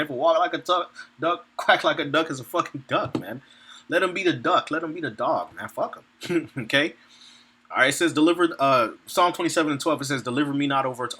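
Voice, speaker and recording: A preacher with a fairly high, sharp, husky voice gives an informal sermon, reading scripture aloud and commenting on it bluntly and profanely. He laughs between points and checks in with his listeners.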